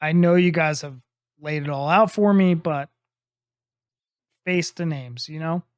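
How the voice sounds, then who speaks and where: A man's voice: a little high, unhurried, smooth, no room sound. A man, a drummer, giving casual and enthusiastic reaction commentary on a live music video. He rambles loosely and admits he is ranting. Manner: loose and talkative, full of fillers like "you know" and "like".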